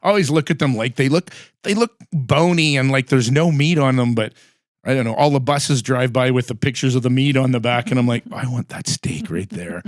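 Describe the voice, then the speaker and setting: A man hosting a casual chat, telling animated anecdotes and acting out the lines he quotes. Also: mid-range voice, brisk, dry recording, clean studio sound. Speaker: podcast host.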